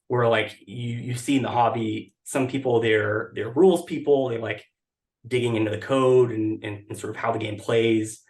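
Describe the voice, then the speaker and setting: A man's voice: medium pitch, steady tone, moderate pace, darkish tone. A man speaking as a guest over a video call, talking casually with many fillers and restarts. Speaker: podcast guest, blog editor. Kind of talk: casual interview talk.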